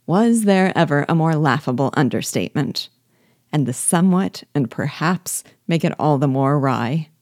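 Low-voiced woman musing on a novel. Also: animated, normal speed, darkish tone, no room sound, clean studio sound. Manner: thoughtful, wry, reads book passages aloud. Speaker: host guiding listeners through a novel. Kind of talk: literary commentary podcast.

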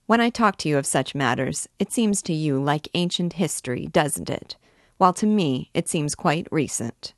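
A talkative old noblewoman, read aloud by a woman, rambles on fondly about times past. The voice is low and even, in a dry, close recording. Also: normal speed, no room sound. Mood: reminiscing. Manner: rambling, reminiscing. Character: chatty, nostalgic old noble mother.

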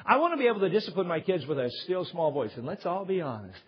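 A man preaching a sermon, his husky voice rising and falling in lively swings. His words ring out with a long hall reverb, and the recording sounds dull and lo-fi. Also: high-pitched, fast talker. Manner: animated storyteller, acts out yelling quotes. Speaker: pastor.

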